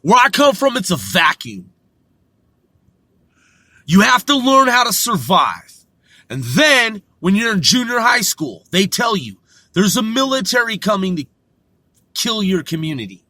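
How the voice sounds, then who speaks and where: Ranting young american man, high pitch, slow drawl, sharp bright tone, shouty and profane. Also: big pitch swings, no room sound. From United States. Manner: profane, combative, shouting bursts. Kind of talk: ranting monologue to camera.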